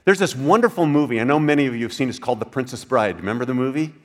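An older man preaching a sermon in a conversational way. He asks the listeners questions and drops into soft, quiet passages. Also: mid-range voice, expressive, rapid-fire. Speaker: pastor.

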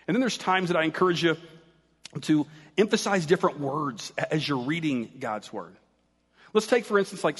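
A man's voice: a little high, fairly bright tone, long reverb tail. A man preaching a sermon as pastor, talking in a casual, conversational way and joking with the congregation.

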